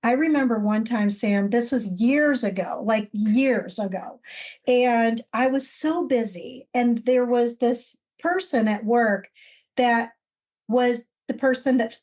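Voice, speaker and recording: A woman co-hosting a podcast, her voice sitting a little high as she tells an anecdote. She acts out each quoted exchange with lively energy and keeps talking in an easy, conversational flow. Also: takes it slowly. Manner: animated storytelling, acts out quoted dialogue. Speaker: podcast co-host.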